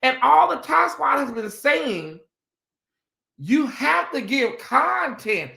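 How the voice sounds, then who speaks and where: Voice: high voice, big pitch swings, slow pace, creaky, sharp tone, roomy sound. A livestream host doing sassy, dramatic chat commentary and talking straight to the viewers.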